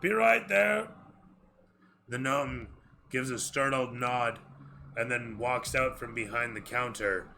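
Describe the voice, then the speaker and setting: A man narrating as dungeon master, descriptive with many fillers and quick asides. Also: medium pitch, sharp tone, a little hiss or hum. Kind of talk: narrating a tabletop game.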